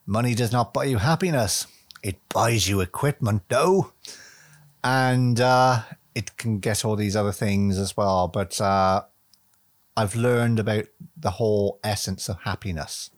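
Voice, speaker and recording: A man's voice: medium pitch, no room sound, clean studio sound. A man hosting a solo podcast, rambling and chatty, swearing casually and making fun of himself. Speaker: podcast host.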